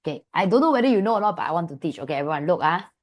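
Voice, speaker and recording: Malaysian woman tutoring with lively questions. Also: on the low side. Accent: Malaysian English. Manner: affectionate, calls students "my dear"; lively, asks many quick questions. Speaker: maths tutor. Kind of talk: online class teaching.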